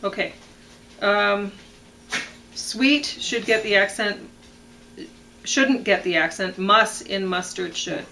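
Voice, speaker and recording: A woman with a bright, clear voice talks through song lyrics in a loose, chatty way. She reads a line, pauses on fillers, then says which word should get the accent. Faint noise sits under the recording. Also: medium pitch, steady tone, poor audio. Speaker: podcast co-host reviewing songs. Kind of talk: casual analytical chat.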